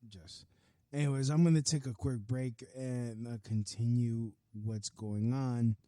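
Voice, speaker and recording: Profane ranting man, dark-toned. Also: mid-range voice, fairly even intonation, a little slow, dry recording. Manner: profane, heated, swings from mutters to near-shouting. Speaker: podcast host. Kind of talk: ranting solo podcast monologue.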